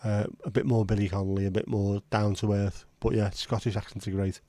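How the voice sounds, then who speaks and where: A man's voice: on the low side, level tone, a little fast, warm tone, no room sound. A man hosting a livestream in casual, rambling chat, blunt and now and then swearing. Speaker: livestream host.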